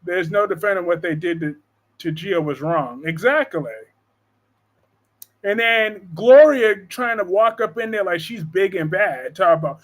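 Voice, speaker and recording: High-voiced joking man hosting a live chat. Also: measured pace. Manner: animated, joking, reads viewer comments aloud. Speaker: live-stream host discussing soap operas. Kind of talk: casual live-stream chat.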